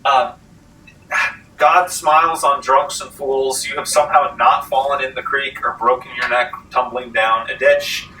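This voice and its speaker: A man narrating a tabletop game as game master, lively and laughing often, recorded in a library meeting room. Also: medium pitch, unhurried. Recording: echoey room, mic far off, faint hiss.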